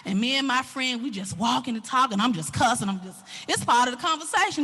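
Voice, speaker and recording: Southern woman preacher, high bright voice, animated, hushed to shouting. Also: fast, husky. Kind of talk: sermon.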